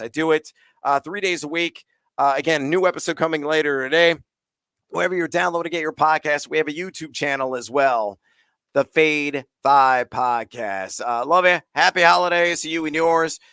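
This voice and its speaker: A man hosting a fantasy football Q&A, answering chat questions rapid-fire with playful, hyped asides. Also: on the high side, a bit bright, clear, resonant tone, no room sound. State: out of breath.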